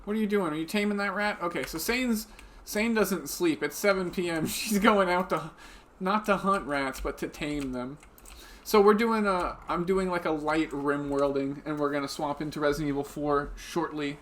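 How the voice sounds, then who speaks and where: A man's voice: on the high side, normal speed, a bit bright. A man streaming a video game live, chatting and giggling with viewers as he plays, speaking into a desk microphone. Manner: chatty and giggly, talks to viewers while playing. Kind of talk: casual live-stream commentary.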